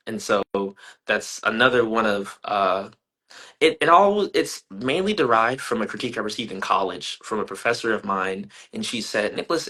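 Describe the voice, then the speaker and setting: Bright-voiced reflective male artist. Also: lowish voice. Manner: earnest, thoughtful, animated when telling stories. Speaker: artist interview guest. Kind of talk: reflective interview answers.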